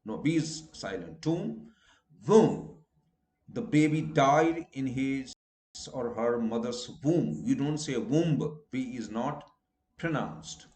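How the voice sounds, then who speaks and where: A man from India with an Indian English accent, teaching a recorded pronunciation lesson and drawing out each example word slowly and deliberately. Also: medium pitch, expressive, darkish tone, echoey room.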